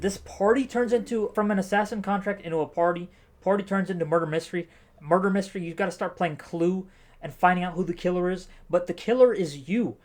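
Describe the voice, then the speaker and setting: Male gaming YouTuber, casual review over live play, jokey and animated, orders his make-believe cameraman around. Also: high voice, slight background noise. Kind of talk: casual game review with live gameplay commentary.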